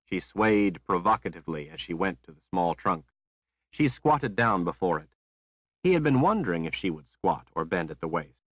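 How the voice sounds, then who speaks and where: A deep-voiced male narrator reading a fantasy novel in a measured, even way. The recording is dry and somewhat muffled. He keeps a steady storytelling pace. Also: husky, no echo. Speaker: audiobook narrator. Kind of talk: scripted narration.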